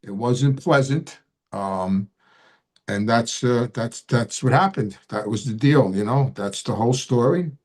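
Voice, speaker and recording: A man's voice: medium pitch, expressive, measured pace. A middle-aged man hosting a live show, telling a personal story in a casual, rambling way, repeating himself and swearing freely. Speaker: host of a live question show.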